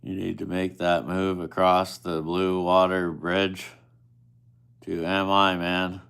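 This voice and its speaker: A man's voice: sits low, flat delivery, slow pace, vocal fry, fairly bright tone, smooth. A man chatting casually with viewers on a live stream, teasing and swearing at them in an offhand way.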